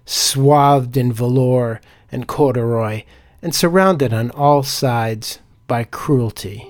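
A man's voice: mid-range voice, darkish tone. A man who is a teacher, telling a personal story in a theatrical, vivid way.

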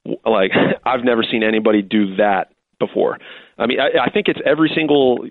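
A man's voice: mid-range voice, lively intonation, a little fast, no echo. A man in his thirties from Texas, a football player answering interview questions in a rambling, casual way with many restarts and fillers. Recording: dry, phone-like line.

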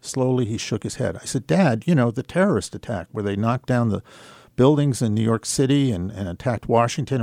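An older man telling a personal story on talk radio in a measured, reflective way, with hesitant pauses and fillers. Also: fairly low pitch, creaky, dark tone, no echo. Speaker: radio guest.

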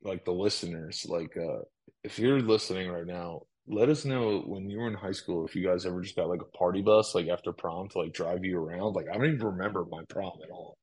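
A man's voice: deep voice, fairly quick, darkish tone, slightly rough, poor audio. A man co-hosting a podcast, chatting casually and reading an ad loosely with lots of fillers. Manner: laid-back, reads ad loosely with fillers. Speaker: podcast co-host. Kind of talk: casual chat.

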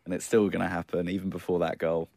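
Deep-voiced joking man on a podcast. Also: flat delivery, fast talker, gravelly, darkish tone, no room sound, clean studio sound. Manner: joking, teasing the others. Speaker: podcast panelist. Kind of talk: casual football podcast chat.

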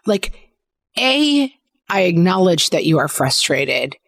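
A woman's voice: on the low side, sing-song, takes it slowly, vocal fry, no echo. A woman in her forties co-hosting a podcast, chatting casually and telling stories from home. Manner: conversational, storytelling about parenting. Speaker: podcast co-host.

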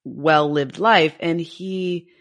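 A woman's voice: deep voice, very slow. A woman with a Michigan accent co-hosting a podcast, chatty and self-deprecating in casual talk. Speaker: podcast co-host. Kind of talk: casual chat.

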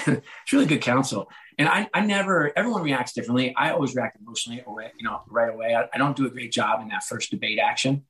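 A man with a hoarse, worn voice tells his stories in an easy, conversational way. His pitch sits in the middle for a man. He acts out the people in his stories, jumping up high for their lines and laughing along the way. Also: fast talker, low-quality recording. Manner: animated, acts out quotes with pitch jumps, laughs. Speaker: guest author. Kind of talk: casual storytelling conversation.

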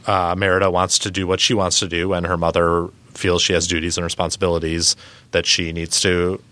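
A man co-hosting a podcast, talking in a measured, thoughtful way in casual chat. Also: sits low, little pitch movement, sharp tone, dry recording. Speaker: podcast co-host.

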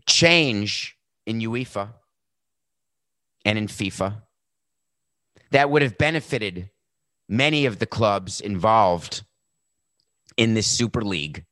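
A man hosts a sports show and delivers a mocking, sarcastic monologue. His pitch swoops up and down with lots of life. The recording is dry and close. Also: a bit bright, no echo. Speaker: sports talk show host. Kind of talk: satirical sports commentary monologue.

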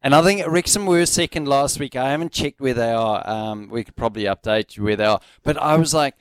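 Male radio co-host, mid pitch, smooth clear voice, dry close studio sound, enthusiastic chatty delivery. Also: fairly quick, no echo. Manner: enthusiastic, rambling with fillers. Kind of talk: casual sports radio chat.

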